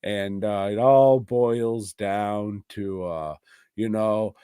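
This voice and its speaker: A man talks slowly and loosely in a casual podcast chat, recapping a film with crude humor and bursts of laughter. His voice sits at an ordinary middle pitch. The sound is dry and close, with no room around it. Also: fairly even intonation, mellow, smooth, no echo. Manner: rambling, crude, laughing, mimics film characters. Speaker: podcast co-host. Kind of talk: casual movie review chat.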